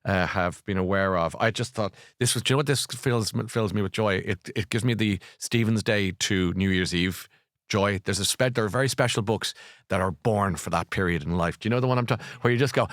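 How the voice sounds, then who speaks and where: Chatty Irish man with a low voice. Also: fairly quick, no room sound, clean studio sound. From Ireland. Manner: chatty, digressive, animated storytelling. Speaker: broadcaster recommending books. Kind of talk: casual live chat.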